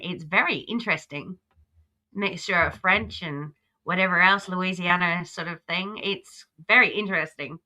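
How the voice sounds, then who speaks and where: Australian woman, reaction streamer; lowish voice with a very bright, forceful edge; chatty. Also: normal speed. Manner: chatty, talks back at the clip. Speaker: livestream host. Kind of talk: casual reaction commentary.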